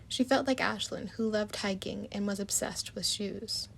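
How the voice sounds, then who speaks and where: A woman narrating a storybook chapter in a soft, even manner. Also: medium pitch, moderate pace, gravelly, a little hiss or hum.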